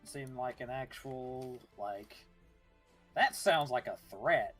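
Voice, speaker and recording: A man's voice: mid-range voice, expressive, slow, fairly bright tone, faint music behind. A man playing a tabletop game, chatting loosely and joking, with casual swearing. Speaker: player.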